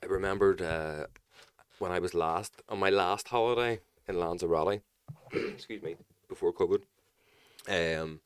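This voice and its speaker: A man with a very low, deep voice tells a story in a casual podcast chat. He swears freely and acts out quoted voices loudly. The sound is close and dry, with no room around it. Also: a little slow, smooth, no echo. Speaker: podcast co-host.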